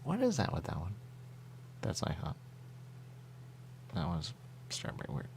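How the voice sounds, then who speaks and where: A man's voice: deep voice, huge pitch swings, a little slow, creaky, a little mellow, a little hiss or hum. A man hosting a radio show, rambling playfully in casual chat while tasting pastries. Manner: rambling, playful, jumps between thoughts.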